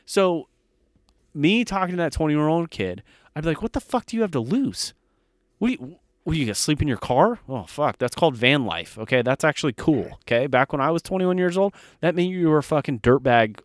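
A man's voice: medium pitch, no echo. Guy in his 30s ranting on a podcast, swears a lot, dry close sound. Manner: blunt, profane, fired-up storytelling. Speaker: podcast co-host. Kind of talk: casual podcast chat.

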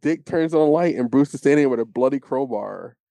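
A man's voice: mid-range voice, a little fast, vocal fry, dry recording. A man co-hosting a podcast, retelling a show scene in casual chat and acting out the lines. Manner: animated storytelling, acts out quotes. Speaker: podcast co-host.

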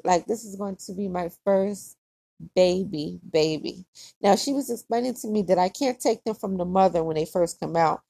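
Lady podcaster just chatting away, super creaky voice, dead dry sound. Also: on the low side, warm tone, no room sound. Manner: chatty, repetitive, lots of "like". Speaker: podcast host. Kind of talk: casual solo podcast chat.

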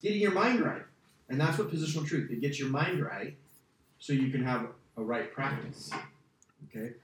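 A man's voice: medium pitch, moderate pace. A man teaching a Bible study as pastor, emphatic and conversational, repeating key phrases for stress. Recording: very echoey, distant church mic.

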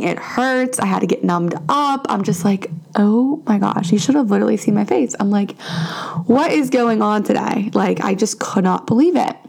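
A young woman casually telling a personal story as a podcast host, chatty and animated, full of "like" and asides. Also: mid-range voice, creaky. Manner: chatty, animated retelling with frequent "like" and "lo and behold".

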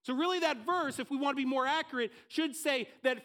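High-pitched pastor guy preaching, acts out what folks are thinking. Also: brisk, few pauses, bright, forceful tone. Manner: dynamic preaching, acts out the listeners' inner voices. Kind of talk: sermon.

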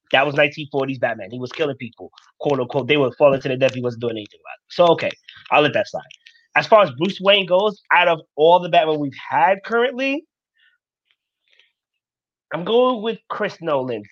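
A man gives relaxed, offhand opinions in a casual co-hosted chat. The sound is dry and a little dull. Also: on the high side, a little fast, dry recording. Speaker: podcast co-host.

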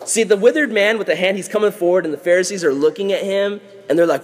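A youth pastor gives kids a casual Bible lesson, animated and jokey. His voice sits fairly high for a man. A long hall reverb trails each phrase. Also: fast, few pauses. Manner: animated, jokey, acts out characters.

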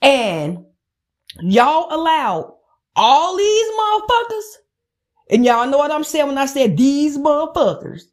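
A woman's voice: high-pitched, very animated, slow pace. A woman podcast host, ranting in a heated, profane, emphatic way. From United States. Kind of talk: angry political rant.

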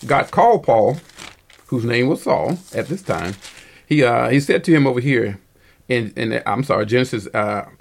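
Gravelly husky pastor preaching haltingly. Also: male voice, mid-range voice, animated. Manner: halting delivery, frequent fillers and self-corrections; earnest, rising emphasis on exhortations. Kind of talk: radio-style sermon with Bible study.

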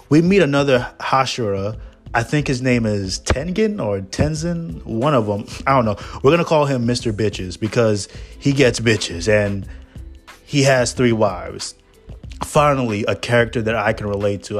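Low-voiced, cussing male podcast host. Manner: profane, joking, slangy. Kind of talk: casual podcast review.

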